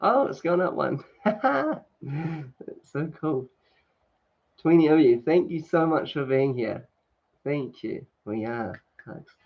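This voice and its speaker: A man's voice: fairly high pitch, expressive, slow, gravelly, long pauses. A man hosting a casual livestream, reading comments and chatting with many fillers and laughs. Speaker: livestream host. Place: indoors at home, sunny. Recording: dull lo-fi stream audio.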